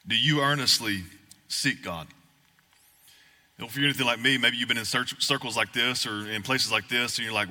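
A young man preaching a sermon in a casual, folksy, joking way that rises at times to shouting. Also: medium pitch, normal speed. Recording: echoey hall.

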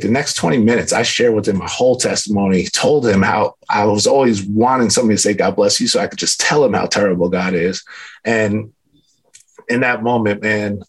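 Husky-voiced man in his thirties telling his story. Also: fairly low pitch. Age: 30s. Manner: earnest, casual, animated retelling with filler words. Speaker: storyteller sharing his faith testimony. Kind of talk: personal testimony storytelling.

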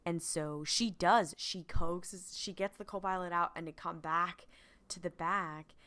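A woman's voice: on the low side, fairly even intonation, a bit bright. A woman co-hosting a podcast, chatting casually as she recaps a TV episode, swearing freely and acting out lines from the scenes. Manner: quick, swearing, acts out quoted lines. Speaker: podcast co-host.

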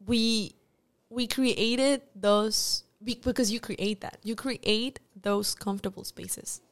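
A woman, an actress guest talking candidly on a podcast interview, animated and often restarting her sentences. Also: mid-range voice, slow pace.

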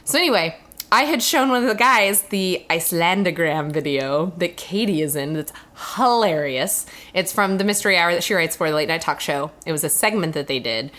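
A young woman co-hosting a podcast, telling a travel story in casual chat, animated and often laughing. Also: lowish voice, a little fast. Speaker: podcast co-host.

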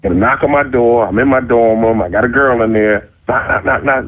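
A middle-aged man telling a story in casual talk, cocky and animated, jumping into high squeaky voices for the people in it. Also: fairly quick, hardly any pauses. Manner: cocky, self-mocking. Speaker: interview guest. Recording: phone-like narrow sound.

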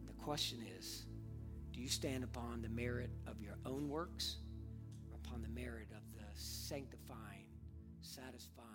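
A man in his thirties preaching a sermon with passion, moving between hushed earnest stretches and fervent, near-shouted appeals. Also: mid-range voice, fairly even intonation, measured pace, music in the background. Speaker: pastor.

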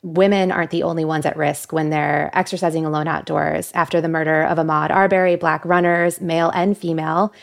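A woman host with a low, gravelly voice leads a relaxed interview. She asks her questions conversationally and with sympathy. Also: brisk, few pauses. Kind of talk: casual interview.

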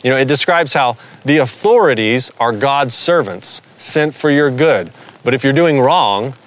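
A man with a Southern American accent preaching a Bible lesson in an average-pitched voice. He talks earnestly and pushes his voice up to stress the key questions. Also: animated, measured pace. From United States. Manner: earnest, builds to emphatic rises. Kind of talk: sermon-style Bible teaching.

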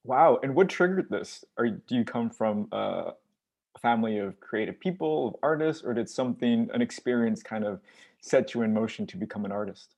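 A man's voice: medium pitch, animated, moderate pace, gravelly, a little mellow. A man hosting a podcast, asking questions in an earnest, enthusiastic way. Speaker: podcast host. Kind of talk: podcast interview.

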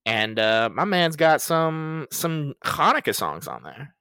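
A young man co-hosting a casual podcast, chatty and animated, swearing casually while telling stories. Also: a little high, slow pace, clear, resonant tone, no echo, studio quality. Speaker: podcast co-host.

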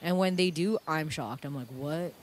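A woman's voice: low-pitched, normal speed, slight background noise. A woman from Canada telling a story in casual chat, acting out voices and swearing freely.

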